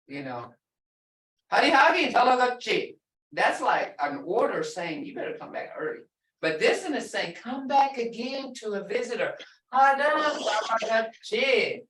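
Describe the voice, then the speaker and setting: A middle-aged woman teaching a language class, explaining patiently and repeating words slowly. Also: medium pitch, fairly bright tone. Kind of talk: online language lesson. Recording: roomy sound from a distance.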